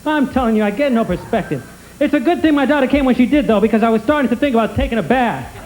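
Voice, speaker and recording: A man's voice: very high voice, expressive, fast, darkish tone, slight background noise, rough recording. A man doing a stand-up comedy routine in a sketch, with brash wisecracking patter that needles the audience. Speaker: stand-up comic character.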